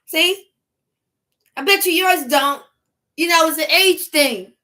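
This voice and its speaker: Loud, animated middle-aged woman. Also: very high voice. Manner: loud, animated, quick to laugh and shout. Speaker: livestream host. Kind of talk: casual livestream chat.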